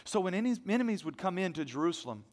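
A pastor preaching a sermon, animated, moving between loud emphasis and hushed asides. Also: male voice, high voice, rapid-fire, long reverb tail.

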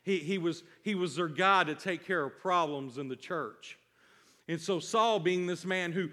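A man preaching in a church, his voice sitting a touch high for a man and ringing out through a reverberant hall. He slows down hard on key phrases and builds emphasis as he reads scripture and explains it. His delivery moves between casual asides and big dramatic lines. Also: bright, forceful tone. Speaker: pastor. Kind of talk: sermon.

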